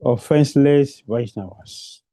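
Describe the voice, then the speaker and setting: A man's voice: mid-range voice, a little slow, mellow, dry recording. A man giving a devotional lecture, repeating phrases for emphasis and asking rhetorical questions, in non-native English phrasing. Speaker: preacher.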